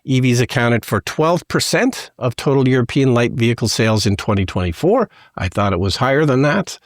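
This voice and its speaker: A Canadian man co-hosting a podcast, talking through news stories in a relaxed way with plenty of fillers. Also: medium pitch, fairly quick, no room sound, studio quality. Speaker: podcast co-host. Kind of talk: casual news discussion.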